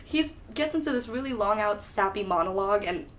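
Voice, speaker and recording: A young woman chatting on a podcast in an easygoing, sarcastic way, swearing freely as she sums up the story. Her voice sits at a middling pitch. Faint background noise sits under the recording. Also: expressive, fairly quick. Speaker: podcast co-host. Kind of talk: casual book-discussion chat.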